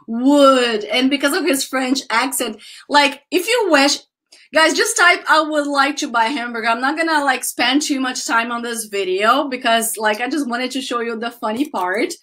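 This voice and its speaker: Chatty Brazilian English teacher, bright voice. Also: female voice, high-pitched, a little slow. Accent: Brazilian Portuguese. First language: Portuguese. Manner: chatty, enthusiastic, addresses students as guys. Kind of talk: online grammar lesson.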